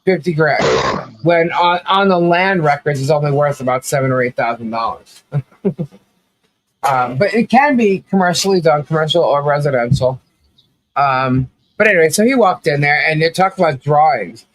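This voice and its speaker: A man's voice: on the high side, animated, moderate pace, a bit bright, poor audio. A man co-hosting a podcast, telling a story in casual commentary, acting out quotes with laughing asides. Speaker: podcast co-host.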